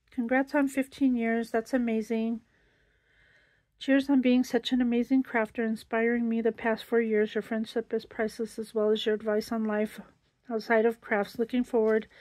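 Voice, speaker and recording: Hosting a casual crafting vlog, this woman chats and gushes while unboxing a handmade gift, exclaiming over each item. Her voice sits on the high side, a little mellow, with no echo.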